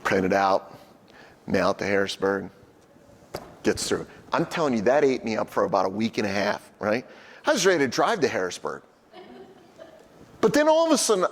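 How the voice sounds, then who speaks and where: A man's voice: lowish voice, sing-song, normal speed, pauses often, long reverb tail. A middle-aged man preaching a sermon as a pastor, telling everyday stories in a conversational, humorous way. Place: church sanctuary.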